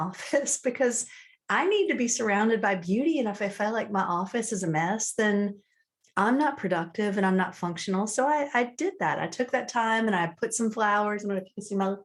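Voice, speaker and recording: A woman from the United States talks through her daily habits in a relaxed interview, reflective and easygoing. She is on a video call, and she often voices her own thoughts aloud as she speaks. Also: fairly high pitch. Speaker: personal style coach.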